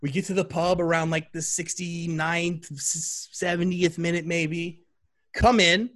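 Animated chatty man, slightly high voice. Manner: animated, chatty, many fillers. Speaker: guest telling a story. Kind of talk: casual storytelling chat.

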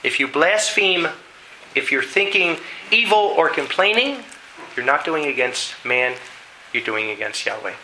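A man preaches a sermon, telling a dramatic story and acting out voices as he goes. His voice is slightly high and very bright, with a cutting edge. Faint noise hangs in the background. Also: big pitch swings, a little slow, poor audio. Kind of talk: sermon with storytelling and scripture reading.

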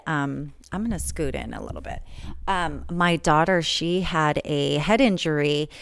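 A middle-aged woman hosts a casual podcast chat with a smooth, resonant voice that sits a little low. She talks easily and laughs often. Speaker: podcast host.

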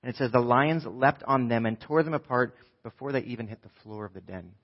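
A man preaching a sermon, retelling a story with lively, acted-out voices. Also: medium pitch, a little fast, dull audio. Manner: animated storytelling, acting out voices. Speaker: pastor.

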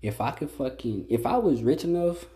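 A man's voice: medium pitch, lively intonation, moderate pace, warm tone. A man hosting a casual solo podcast monologue, blunt and profane, filling every phrase with "like.". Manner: blunt, profane, repeats "like" constantly. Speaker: podcast host.

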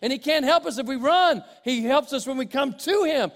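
An older man preaching a sermon as pastor in a church, swinging from loud preaching to quiet, conversational asides. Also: very high voice, animated, brisk, vocal fry, hardly any pauses. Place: church sanctuary with congregation. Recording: long hall reverb.

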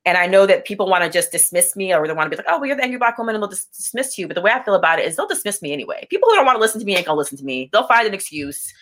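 Fast, bright-voiced woman speaking bluntly. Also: fairly low pitch, sing-song. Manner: impassioned, blunt, repeats words when starting sentences. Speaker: interview guest, business owner. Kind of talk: candid conversational interview.

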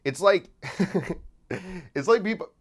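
A man's voice: sits high, expressive, takes it slowly. Rambling male podcast comedian. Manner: rambling, restarts a lot, swings loud and soft. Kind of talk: casual solo podcast monologue.

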